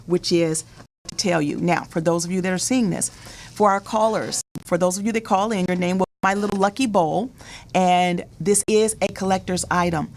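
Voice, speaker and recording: A woman hosting an interview talk show with callers, chatty and quick to laugh, often repeating words as she goes. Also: lowish voice, steady tone, a little mellow, a little hiss or hum.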